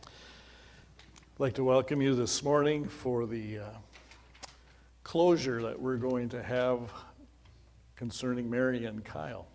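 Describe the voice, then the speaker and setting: A man's voice: medium pitch, steady tone, slow pace, long pauses, darkish tone, soft background music. A middle-aged man, a pastor, welcoming people to a simple memorial service in a chatty, folksy storytelling way. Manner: chatty, folksy storytelling with quoted dialogue and asides.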